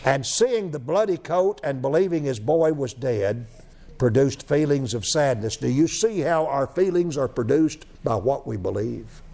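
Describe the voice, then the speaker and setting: A man's voice: mid-range voice, animated, unhurried, vocal fry, warm tone. A man preaching a sermon, telling a story, repeating phrases and asking rhetorical questions.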